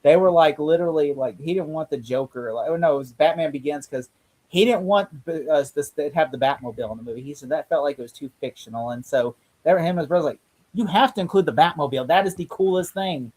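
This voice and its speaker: A man's voice: fairly high pitch, fast, warm tone. A man co-hosting a casual podcast chat, telling rambling film anecdotes and correcting himself as he goes. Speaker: podcast co-host.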